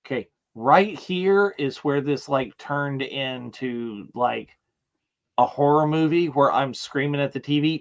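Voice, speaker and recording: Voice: medium pitch, a little slow, dull audio. A co-host reacting animatedly to scenes during a casual watch-along. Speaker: podcast co-host.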